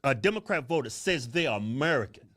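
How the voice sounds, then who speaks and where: A man's voice: medium pitch, expressive, a little fast, a bit bright. A middle-aged man bantering with his co-host, joking and laughing often. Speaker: political commentator.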